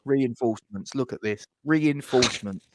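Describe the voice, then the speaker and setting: A man's voice: medium pitch, moderate pace, darkish tone, slight background noise. A man with a London accent hosting a live, jokey, rambling football transfer chat. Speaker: fan channel host.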